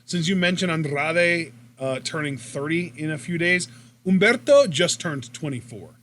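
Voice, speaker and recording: With a little background noise behind him, a man speaks at normal speed in a slightly high voice. He's a wrestling podcast co-host giving casual commentary, cursing and rambling through lively retellings of matches.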